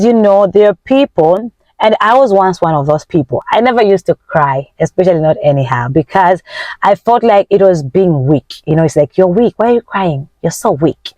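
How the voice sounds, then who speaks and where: A woman whose first language is Nyanja, talking as a self-help coach. She gives emphatic, faith-filled encouragement in a vlog, with big swings in pitch and tempo. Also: animated, normal speed, a little mellow, no echo. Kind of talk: motivational vlog talk.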